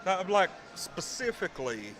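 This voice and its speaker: A man's voice: sits high, big pitch swings, moderate pace, a bit bright. A man hosting an interview, asking eager questions. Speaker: interviewer host. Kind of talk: casual interview. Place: convention floor. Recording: crowd noise, off-mic.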